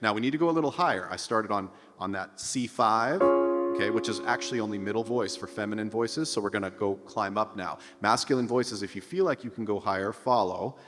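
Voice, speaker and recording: A man teaching a singing lesson, explaining techniques between high vocal demonstrations and checking in with his students. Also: a little fast, big-room sound, loud music behind the voice. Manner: sings high falsetto vowel drills between explanations; encouraging, checks in with "okay?". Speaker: vocal coach.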